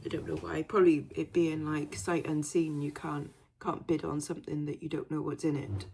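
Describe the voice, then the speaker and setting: A woman's voice: sits low, steady tone, normal speed, creaky, mellow, slight background noise. A young woman chatting casually to camera in a rambling vlog, full of fillers and asides. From Wales. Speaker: resale vlogger.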